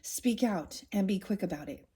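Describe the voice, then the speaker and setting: An excitable, scheming male sub-warden from a storybook, voiced by a woman reading aloud, kept soft and plain. The delivery stays low in volume. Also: moderate pace, slightly rough. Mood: urgent.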